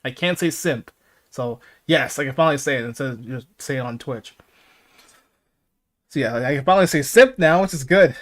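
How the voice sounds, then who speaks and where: A man's voice: mid-range voice, normal speed. Rambling, laughing male streamer. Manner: rambling, laughing, profane, many restarts. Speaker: podcast host and streamer. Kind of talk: casual stream chat.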